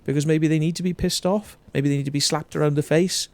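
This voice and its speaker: A Welsh man hosting a casual livestream chat, blunt and animated, swearing heavily as he rants. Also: fairly high pitch, quick pace, dry recording. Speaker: show host.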